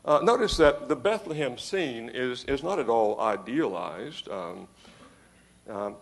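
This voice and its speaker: A man giving a conference lecture on poetry, measured and emphatic, reading verse aloud with marked rhythm. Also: mid-range voice, creaky. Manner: measured, emphatic, stresses rhythm and tapping out meter. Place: lecture hall.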